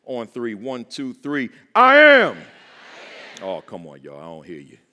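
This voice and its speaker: A man's voice: fairly low pitch, very animated, moderate pace. A man giving a motivational keynote to teachers, with an emphatic, preacher-like delivery and call-and-response. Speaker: keynote speaker, school principal. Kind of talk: motivational speech. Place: large church auditorium. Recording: echoey hall with long reverb.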